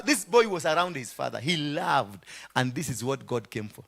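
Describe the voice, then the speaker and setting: A Kenyan man preaching with a lively, animated delivery and a bright, forceful voice. He acts out the figures in his story, dropping to near whispers and then rising to cries and shouts. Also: a little high, moderate pace, gravelly. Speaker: pastor. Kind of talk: sermon.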